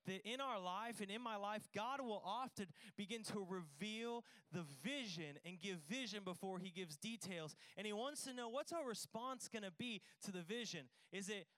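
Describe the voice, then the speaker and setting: A man's voice: sits high, moderate pace, few pauses, fairly bright tone, clear, resonant tone, dry recording. A man preaching a sermon in a conversational, joking way, acting out the dialogue of the scripture. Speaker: pastor.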